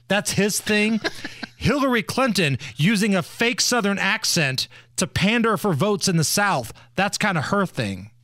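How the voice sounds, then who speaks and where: A man's voice: high-pitched, pushed and bright, no room sound. A man co-hosting a political podcast, speaking in a mocking, casual tone and laughing often. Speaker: podcast co-host.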